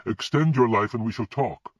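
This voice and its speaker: A man's voice: mid-range voice, moderate pace, no room sound, voice pushed up, natural voice. A man voicing an earnest young man who serves as Death in an audiobook, speaking in a pleading, urgent way. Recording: dull lo-fi recording.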